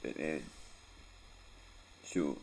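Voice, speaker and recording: A Scottish man in his forties, a vlogger, tells a painful personal story, rambling and swearing, near tears, and often tacking "right?" onto his lines. His voice is darkish and extremely slow, with slight background noise.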